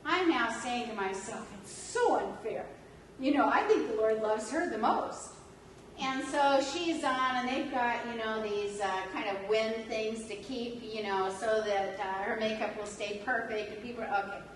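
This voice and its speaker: A woman from California tells animated stories to a class, laughing freely and poking fun at herself. Her voice sits a little high. She is picked up from across a very echoey hall, with a faint hum of room noise behind her. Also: normal speed. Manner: animated, laughs often, self-mocking humor. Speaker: religion instructor. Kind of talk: storytelling lecture. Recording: echoey hall taped from far off.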